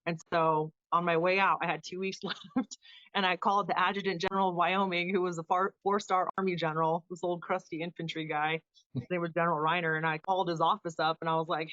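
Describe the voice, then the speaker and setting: A woman in her thirties, a guest on an interview show, telling her story in a casual, animated way and acting out the people she quotes. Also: on the low side, fast talker, dry recording, highs cut off. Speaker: podcast guest, Air Force veteran.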